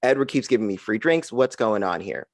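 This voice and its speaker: A man's voice: lowish voice, lively intonation, a little fast, no echo, studio quality. A man in his forties performing a stand-up set, telling a story with big swings into put-on voices. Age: 40s. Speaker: stand-up comedian.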